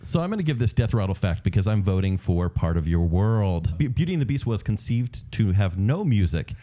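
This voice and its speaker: A man's voice: fairly low pitch, very animated, a little fast, warm tone. A man co-hosting a podcast in casual chat, full of joking, sarcastic asides. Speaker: podcast co-host.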